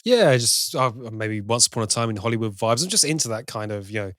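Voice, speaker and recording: A man's voice: medium pitch, expressive, a little fast, a bit bright, no echo, studio quality. A man co-hosting a film podcast, reading film news aloud and then musing about it with small restarts. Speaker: podcast co-host.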